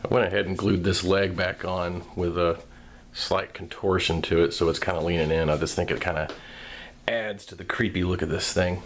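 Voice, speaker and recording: A man calmly narrating a craft tutorial in a soft-spoken, step-by-step way. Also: sits low, normal speed, a little hiss or hum.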